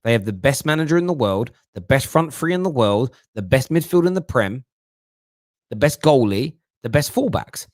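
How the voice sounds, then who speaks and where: Animated football show host. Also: male voice, medium pitch, moderate pace, no room sound, clean studio sound. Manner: animated, mocking put-on voices, London slang like "bruv". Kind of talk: live fan show chat answering viewer comments.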